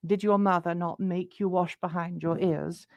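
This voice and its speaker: A woman's voice: lowish voice, fairly even intonation, moderate pace, darkish tone, no room sound, muffled recording, voice pushed down, close to an everyday voice. A woman putting on a haughty, ancient queenly figure who scolds a scammer in a pompous, patronising way. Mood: scolding. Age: 179 as a joke figure; old. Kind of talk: comic in-character rant.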